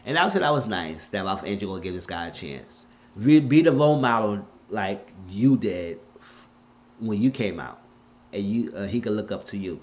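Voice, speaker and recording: Low-voiced guy rambling thru a tv recap, casual slangy, dull lo-fi audio. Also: lively intonation, normal speed. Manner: rambling, colloquial, retelling scenes. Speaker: TV show recapper. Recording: dull lo-fi recording.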